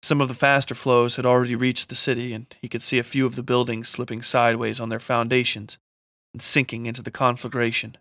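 A man narrating a scripted horror story in a steady, measured reading. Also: mid-range voice, no echo, clean studio sound.

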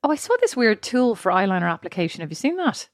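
A young woman co-hosting a casual chat, telling rambling, animated stories. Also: medium pitch, fast talker, dry recording, clean studio sound. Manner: chatty storytelling, animated and rambling.

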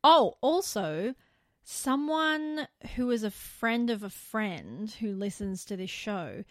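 Young Australian woman podcaster, casual, rambling, mid pitch, dry close mic. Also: animated, no room sound. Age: young adult. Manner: chatty, rambling, quick to laugh. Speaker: podcast co-host. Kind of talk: casual chat.

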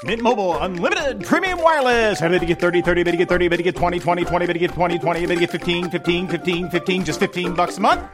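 A man playing a reverse auctioneer with fast, chanting patter in an ad. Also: high-pitched, music in the background, natural voice. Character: rapid-fire male auctioneer.

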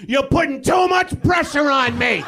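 A male comedian on a live stage, shouting an exasperated, profane rant. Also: very high voice, normal speed, background noise. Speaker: comedian guest.

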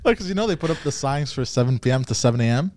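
Co-host, man, halting rambler, ordinary mid voice, dry sound. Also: medium pitch, expressive, a little mellow, no echo. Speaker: podcast co-host. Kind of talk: casual comedy chat.

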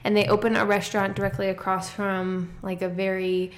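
Young woman host, mid-pitched, calm conversational lead. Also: fairly quick. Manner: relaxed, friendly, steers the talk. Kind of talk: casual chat.

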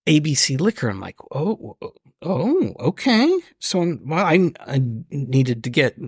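Brief Male podcast co-host, lively storyteller, slightly husky, dry close mic. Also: normal speed, no echo. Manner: animated, acts out his own reactions in high bursts. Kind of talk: casual chat, comic storytelling.

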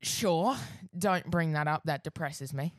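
A man's voice: a little high, unhurried, a bit bright, no room sound. A man, co-hosting a casual podcast, with a dry and laid-back delivery. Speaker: podcast co-host.

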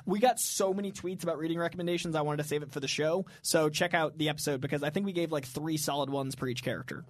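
A man's voice: fairly high pitch, steady tone, fast, no echo, studio quality. A man co-hosting a podcast in casual chat, enthusiastic and rambling. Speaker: podcast co-host.

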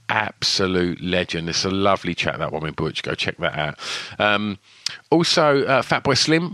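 A man's voice: low voice, bright, forceful tone, no room sound. A man with a slight lisp, casually hosting his podcast and chatting in a rambling, self-deprecating way. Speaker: podcast host. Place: home shed.

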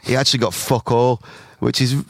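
A man's voice: medium pitch, flat delivery, fairly quick, vocal fry, dry recording, clean studio sound. A man co-hosting a podcast in casual chat, blunt, sweary and jokey. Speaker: podcast co-host.

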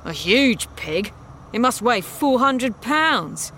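A woman voicing a gruff, blunt male starship captain who talks in short, commanding bursts. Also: fairly high pitch, very animated, slow, fairly bright tone, slight background noise, pitched above the performer's own voice, heavily acted. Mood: brusque. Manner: brusque, commanding.

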